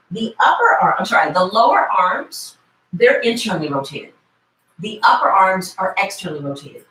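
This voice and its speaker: Yoga teacher lady talking you through poses, calm, kinda far from the mic, roomy echo, faint hum behind. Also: fairly low pitch. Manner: calm step-by-step cueing, often adding "right?". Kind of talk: guided yoga instruction. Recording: echoey room from far off.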